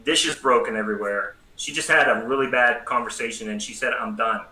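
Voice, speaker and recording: A middle-aged American man, a priest and psychology professor, tells his story as an interview guest with lively, self-deprecating humor. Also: mid-range voice, a little fast. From United States. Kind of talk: personal testimony in a casual interview. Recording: roomy echo with faint background noise.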